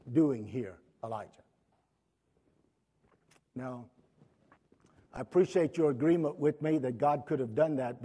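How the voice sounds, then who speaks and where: A man preaching a sermon to his congregation, pausing often, restarting phrases and clearing his throat. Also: fairly high pitch. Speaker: pastor.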